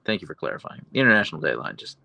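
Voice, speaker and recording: A man with a low, gravelly voice hosts a relaxed livestream and talks easily with his viewers. His pitch swings freely up and down as he answers their comments, and the sound is close and dry with little room echo. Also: rapid-fire. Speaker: livestream host and dog owner. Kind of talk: casual livestream chat.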